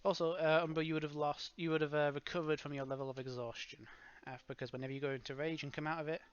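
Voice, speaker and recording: A man guides his players through a tabletop game, rambling and full of hesitations. His voice sits a little high. The sound is dull and lo-fi. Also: flat delivery, fast, clean tone, dry recording. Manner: rambling, hesitant, laughs often. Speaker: game master. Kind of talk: narrating a tabletop game over voice chat.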